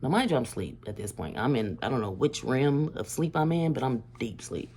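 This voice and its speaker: A middle-aged woman from Ohio telling a family story to camera in a casual, animated way, swearing freely and often breaking into laughter. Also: very deep voice, fairly quick, a little hiss or hum. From Ohio, USA.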